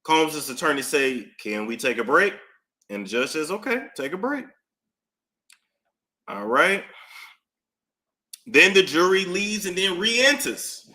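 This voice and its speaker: A man hosting a casual recap stream, reading out both sides of courtroom exchanges in an animated, playful way. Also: fairly high pitch, takes it slowly, pauses often. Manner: reads out both sides of courtroom exchanges, slipping in put-on voices.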